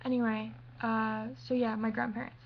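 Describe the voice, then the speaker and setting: A woman's voice: a little high, level tone, normal speed, creaky, slight background noise. A young woman vlogging at home at night, chatty and rambling, easily going off on tangents, recorded on a webcam mic. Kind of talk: casual webcam vlog. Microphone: built-in webcam mic. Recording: dull lo-fi webcam audio.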